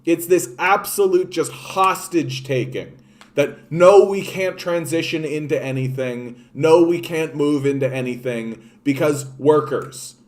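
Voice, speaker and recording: A man's voice: a little high, measured pace. Profane, sarcastic Canadian man ranting. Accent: Canadian English. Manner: profane, sarcastic, reads articles aloud mockingly. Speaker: political commentator streaming live. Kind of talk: angry political rant with live chat.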